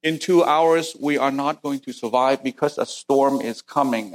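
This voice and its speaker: A middle-aged Vietnamese preacher gives a sermon drawn from his own testimony, telling it earnestly and plainly at normal speed. His pitch is average, but his voice climbs sharply high whenever the story grows tense.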